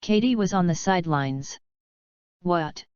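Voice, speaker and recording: Clear lowish woman narrating a storybook. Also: moderate pace, a little mellow, no echo, highs cut off. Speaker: audiobook narrator.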